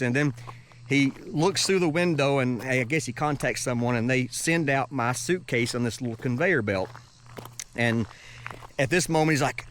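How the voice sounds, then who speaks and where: A man's voice: mid-range voice, a little fast, fairly bright tone, slight background noise. A man telling a travel story in a casual, rambling way, with many restarts. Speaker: travel vlogger.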